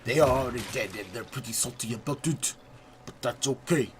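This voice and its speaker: A man narrating a gameplay video in a playful, mock-grand style, putting on a deliberately bad French accent. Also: medium pitch, slight background noise. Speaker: gaming channel host. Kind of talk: let's play voice-over commentary.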